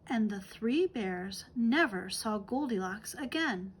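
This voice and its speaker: Woman storyteller for kids, slow, higher-pitched, gentle picture-book reading. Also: expressive, very noisy. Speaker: children's storyteller.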